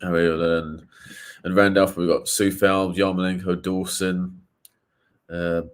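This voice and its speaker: Fan co-host, man, low pitch, hesitant chatty delivery. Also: little pitch movement, a little slow. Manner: hesitant, many fillers and restarts. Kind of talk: casual chat.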